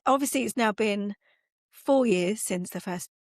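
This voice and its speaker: A woman's voice: mid-range voice, unhurried, no echo, studio quality. A woman hosting a podcast interview, encouraging her guest and laughing along. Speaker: podcast host. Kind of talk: conversational interview.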